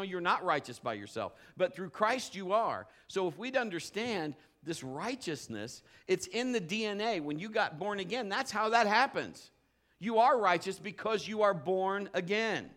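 High-voiced preacher, rising to emphatic calls. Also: male voice, fairly bright tone. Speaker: pastor. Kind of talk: sermon.

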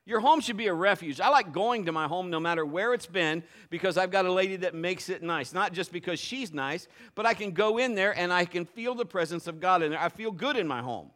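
A middle-aged male pastor preaching a sermon in a lively, conversational way, acting out little quotes. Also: high voice, a little fast, hardly any pauses.

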